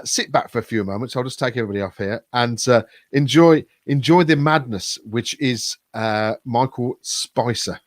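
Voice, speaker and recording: A male host of a casual live stream, chatty and rambling, always reaching for "uh" and "um". His voice sits in a middle pitch. The sound is dry, with no room echo. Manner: rambling, filler-heavy, restarts.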